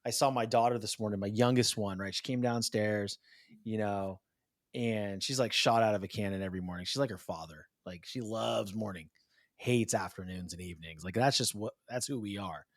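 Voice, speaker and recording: A man's voice: lowish voice, normal speed, dry recording, clean studio sound. A man in his thirties hosting a podcast, chatting casually and acting out quotes as he tells stories. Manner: animated storyteller, acts out quotes. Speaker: podcast host. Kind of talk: casual interview chat.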